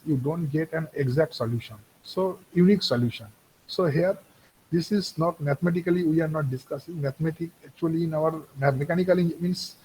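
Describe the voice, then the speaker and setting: A man's voice: on the high side, darkish tone, a little hiss or hum, rough recording. A man giving a university engineering lecture, repeating points and checking in with "okay" often.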